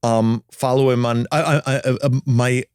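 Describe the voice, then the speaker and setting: A man's voice: mid-range voice, steady tone, measured pace, darkish tone, clean tone, dry recording, studio quality. A man in his fifties, a podcast guest, chatting casually and rambling with lots of fillers and restarts. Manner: rambling, self-deprecating, many fillers and restarts. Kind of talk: casual interview chat.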